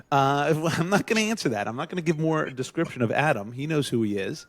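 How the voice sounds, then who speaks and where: A man's voice: a little fast, no echo. A man co-hosting a podcast, telling a story to friends in casual chat and acting out the quotes. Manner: animated, acts out quotes with rising pitch. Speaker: podcast co-host.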